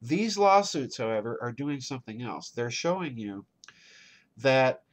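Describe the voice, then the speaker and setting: Man, host, news commentary, reads articles aloud, measured, deliberate, mid-pitched voice. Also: animated.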